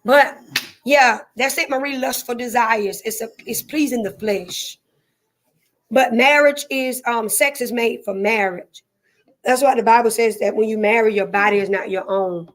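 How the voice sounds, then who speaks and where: A woman's voice: fairly high pitch, moderate pace. A woman with a Southern drawl hosting a casual live stream, chatting folksily with viewers, repeating herself and greeting them by name.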